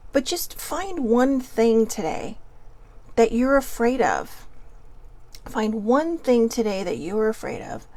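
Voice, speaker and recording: A woman's voice: on the high side, creaky, dry recording. A woman hosting her own show, talking casually and telling everyday stories, acting out what people said. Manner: chatty, storytelling, acting out quotes. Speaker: show host. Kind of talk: motivational casual monologue.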